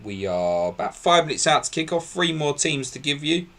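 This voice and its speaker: A man hosting a live football podcast, briskly reeling off team line-ups and laughing at his own slips. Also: fairly high pitch, big pitch swings, a bit bright. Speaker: podcast host.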